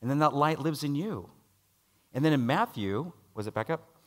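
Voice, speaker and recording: In this sermon, a middle-aged preacher shares a personal story at a moderate, expressive pace. Dialogue makes him louder, while moments of worry bring his voice down low and soft.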